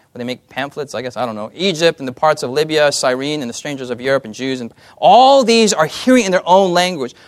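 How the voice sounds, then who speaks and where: A man preaching a sermon to a congregation, animated and asking the crowd questions as he goes. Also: high voice. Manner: animated, asks the audience questions.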